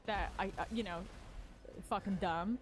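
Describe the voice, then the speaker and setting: A woman's voice: mid-range voice, a little slow, noisy background. Rambling woman telling a candid story. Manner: rambling, lots of "like" fillers and swearing. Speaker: stand-up comedian. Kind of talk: casual personal storytelling.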